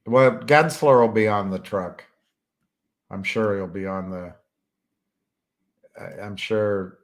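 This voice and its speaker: A man with a lowish voice talks in a loose, rambling way, as if reading and answering comments on a live stream. He speaks slowly, often stalling mid-sentence and hunting for a word with ums and uhs. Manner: halting, searches for words with many fillers. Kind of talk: casual rambling chat.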